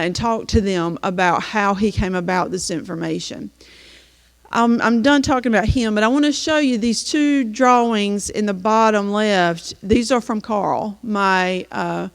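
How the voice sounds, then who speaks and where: A woman teacher walks an audience through her slides and tells the story in an easy, chatty way, stopping often on an "um." Her mid-pitched voice rings out through a large hall with a long reverb tail. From North Carolina, US. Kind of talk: slideshow presentation.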